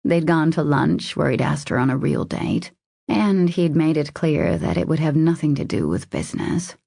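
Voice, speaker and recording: Low, gravelly woman narrating. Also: expressive, normal speed, dark tone, no echo, studio quality. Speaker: audiobook narrator. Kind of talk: scripted romance narration.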